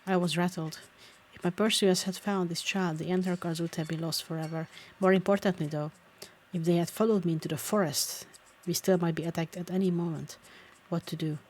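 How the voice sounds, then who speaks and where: A woman's voice: lowish voice, steady tone, fairly quick, hardly any pauses, a little mellow, lightly acted. A woman reading the lines of a worried female psychic fox creature in a game, earnest and apologetic, close to her own voice.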